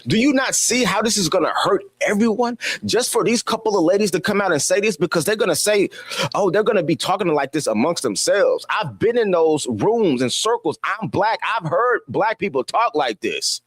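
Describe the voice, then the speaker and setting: A man's voice: high voice, lively intonation, normal speed, slightly rough, dry recording. A man delivering an opinion commentary monologue, exasperated and emphatic, firing rhetorical questions and repeating his points. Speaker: commentary channel host.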